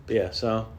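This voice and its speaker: Recording his solo podcast at home, a male stand-up comedian spins rambling comic stories, off the cuff, self-mocking and profane. Whenever he quotes someone, he leaps into a high, loud put-on voice.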